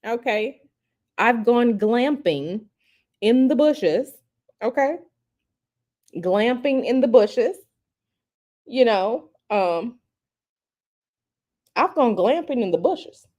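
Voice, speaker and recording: A woman's voice: a little high, expressive, slow, long pauses, mellow, dull audio. A woman hosting a casual livestream chat at home, reading viewer comments in a teasing, chatty way that hints at gossip and often repeats herself. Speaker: livestream host.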